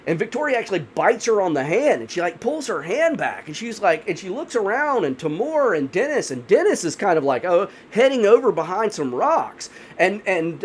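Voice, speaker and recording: A man retelling a grim mountain mystery in a chatty, unscripted way, full of fillers and slowing down for the gruesome parts. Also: sits high, a little hiss or hum. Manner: slows down for grisly moments. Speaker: storyteller host. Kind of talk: casual spoken horror storytelling.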